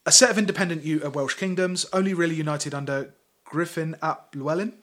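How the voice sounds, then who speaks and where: A man's voice: fairly high pitch, steady tone, quick pace, a bit bright. A man co-hosting a casual history podcast, talking in a loose, joking and sometimes sweary way as he reads out his notes. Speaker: podcast co-host.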